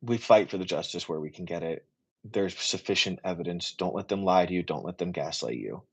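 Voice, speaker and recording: A man hosting a live Q and A stream, talking in a passionate, rapid, rambling way. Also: deep voice, breathy edge. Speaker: political writer and activist host.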